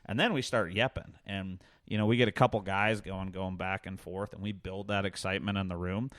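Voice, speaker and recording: A young man with a Midwestern American accent, a podcast guest explaining things in an animated way. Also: sits low, fairly quick, dry recording, clean studio sound. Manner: animated, acts out auction calls. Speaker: podcast guest, land sales agent. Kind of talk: casual chat.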